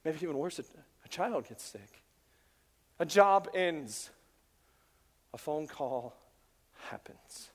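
A male pastor preaching a sermon, swinging from loud emphasis down to hushed near-whispers. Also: on the high side, animated, slow pace, pauses often. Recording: long reverb of a large hall.

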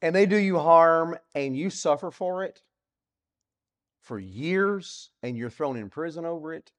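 A man teaching through a Bible passage in a sermon, asking rhetorical questions and swinging between loud and soft. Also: a little high, expressive, measured pace. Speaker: preacher.

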